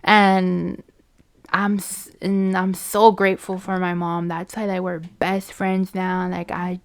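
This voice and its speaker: A woman's voice: fairly low pitch, flat delivery, slow, clean tone. A woman hosting a podcast, telling a personal story in a casual, chatty way, full of "like" and "you know" and free swearing. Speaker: podcast host.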